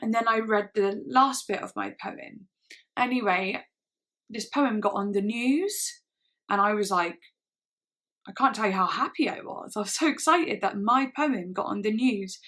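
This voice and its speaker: A woman's voice: mid-range voice, fairly bright tone. Earnest rambling young woman vlogger. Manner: earnest, rambling, frequent "like" and restarts. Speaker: YouTube reaction vlogger. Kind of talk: casual talk to camera.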